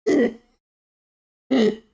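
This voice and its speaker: Speaking extremely slowly in a dark voice, this man streams a game while chatting and telling stories. He rambles and swears, says "like" constantly, and erupts into laughter.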